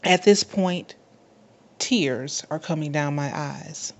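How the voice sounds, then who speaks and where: A woman's voice: sits low, takes it slowly. A woman speaker telling an emotional personal story, dramatically retelling her own words. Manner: emotional, dramatic retelling with vivid self-quotes. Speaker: podcast host, motivational speaker.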